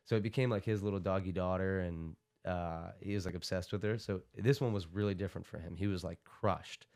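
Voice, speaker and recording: A young man chatting casually as a podcast guest, telling stories in an animated way and laughing often. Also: low voice, brisk. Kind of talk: casual chat.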